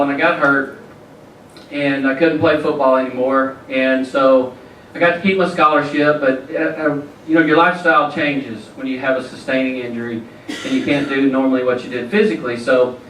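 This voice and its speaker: A man's voice: mid-range voice, fairly bright tone, a little hiss or hum. Folksy man telling stories in a hall. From Southern US. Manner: folksy, joking, addresses the crowd directly. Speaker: featured event speaker. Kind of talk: storytelling speech to an audience. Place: large event hall indoors. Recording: echoey hall from far off.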